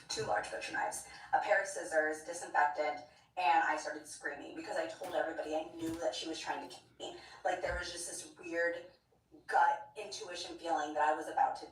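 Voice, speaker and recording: A woman casually telling a personal story in a rapid, breathless rush, full of "like" fillers. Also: low voice. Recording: roomy room sound, mic at a distance.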